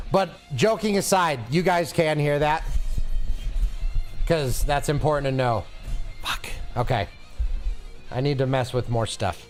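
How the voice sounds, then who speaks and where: A young man streaming from home, chatting casually with his viewers in an animated, teasing way and laughing often. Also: fairly high pitch. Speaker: streamer reading chat. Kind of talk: casual live-stream chat.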